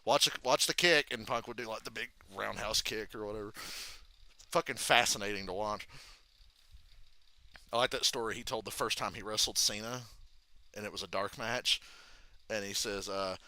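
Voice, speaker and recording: A man chatting casually on a live stream, telling stories in an animated, profane way. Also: on the low side, moderate pace, long pauses. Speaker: streamer reacting to a race.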